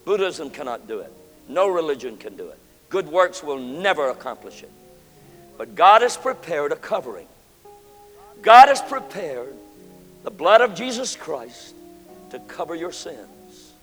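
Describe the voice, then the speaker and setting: A man preaching a sermon as pastor, swinging between loud, ringing lines and hushed ones. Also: on the high side, big pitch swings, measured pace, pauses often. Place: church sanctuary. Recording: long hall reverb with faint music.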